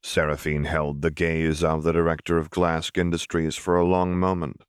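A man narrating a story as an audiobook reader in a steady, even way. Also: very deep voice, moderate pace, clear, resonant tone, no echo, studio quality. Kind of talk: scripted narration.

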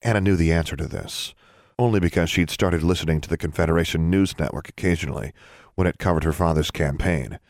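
A man narrating an audiobook in a steady, measured storytelling manner. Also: low-pitched, no room sound, clean studio sound.

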